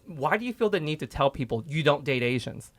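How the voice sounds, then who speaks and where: A man's voice: a little high, expressive, a little fast, fairly bright tone. A man from Oklahoma with a slight Oklahoma accent, hosting a podcast discussion and making his points emphatically, piece by piece. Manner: emphatic, explains points in lists. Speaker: host.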